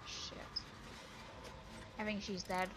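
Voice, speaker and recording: A woman's voice: mid-range voice, little pitch movement, takes it slowly. A woman streaming a video game who talks to herself as she plays, swearing often and sounding frantic and frustrated. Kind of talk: live gameplay commentary. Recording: clear background noise.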